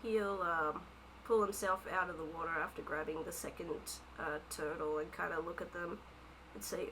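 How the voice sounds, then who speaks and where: A woman's voice: fairly low pitch, fairly even intonation, normal speed, pushed and bright, low-quality recording. Hesitant woman game master narrating a tabletop session over faint hiss. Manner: hesitant, with frequent fillers.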